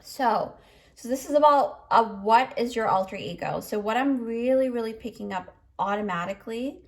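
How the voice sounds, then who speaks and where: A woman's voice: on the high side, moderate pace. A woman giving a pick-a-card tarot reading in a chatty, emotional way, full of fillers, and choked up. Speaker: tarot reader.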